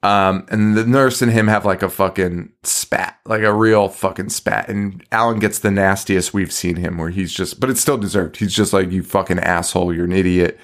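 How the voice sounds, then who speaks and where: A man's voice: fairly low pitch, fairly even intonation, moderate pace, hardly any pauses. A man co-hosting a podcast, recapping a horror movie in casual chat, swearing and laughing as he acts out lines. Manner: profane, laughing, acts out quotes. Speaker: podcast co-host.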